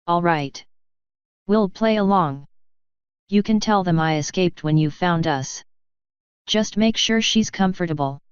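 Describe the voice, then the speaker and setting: A woman's voice: lowish voice, a little slow, pauses often, smooth, no echo, lo-fi sound, lightly acted. A woman voicing a wry, sarcastic male hero in a fan fiction audiobook. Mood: resigned. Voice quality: sarcastic, exasperated.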